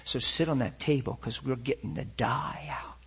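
A man voicing an impatient, scornful woman nurse in a low, quieter, dismissive tone, with a husky voice. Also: normal speed, exaggerated voice. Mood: gloating. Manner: flat, dismissive, gloating.

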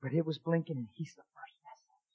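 A middle-aged man preaching, telling a testimony in a dramatic way that swings from loud exclaiming to a hushed near-whisper. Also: on the high side, brisk, slightly rough, muffled recording. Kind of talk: sermon testimony storytelling.

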